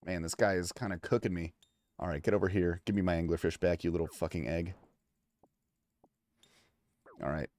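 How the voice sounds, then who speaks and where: Streaming a video game, a low-pitched man chats casually at a moderate pace, pausing often and swearing as he responds to the game and his viewers. He shifts from mumbling asides to excited bursts, and the audio has no echo.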